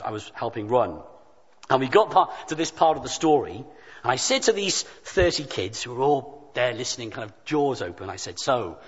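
A man preaching a sermon in an earnest, emphatic, deliberate way. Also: mid-range voice, slightly rough. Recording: dull sound with long hall reverb.

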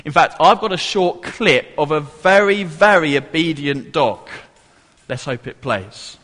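A man's voice: on the high side, unhurried, fairly bright tone, in a large hall. A man giving an interactive children's Bible talk to a congregation in church, playful and coaxing everyone to join in.

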